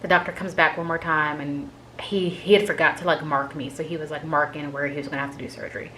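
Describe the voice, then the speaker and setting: Low-voiced woman telling a chatty story. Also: fairly even intonation, fast talker, a bit bright, slight background noise, rough recording. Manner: chatty, filler-heavy with frequent "like"; candid and emotional recounting. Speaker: vlogger sharing a health update. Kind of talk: casual personal storytelling.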